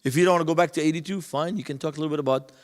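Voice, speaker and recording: A man's voice: fairly high pitch, racing. Man speaking in a reverberant hall. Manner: storytelling, acting out both sides of dialogues. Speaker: conference speaker. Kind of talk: lecture with anecdotes.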